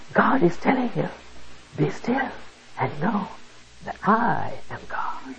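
Delivering a sermon slowly and deliberately, a preacher presses hard on each point with rhetorical questions. The voice is medium-pitched, in a middle register, and the recording sounds muffled and lo-fi.

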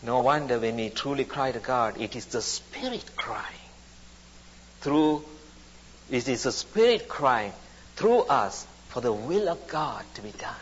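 A man's voice: mid-range voice, animated, unhurried, slightly rough. A man preaching a sermon, speaking emphatically and repeating his phrases. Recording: dull recording in a reverberant hall.

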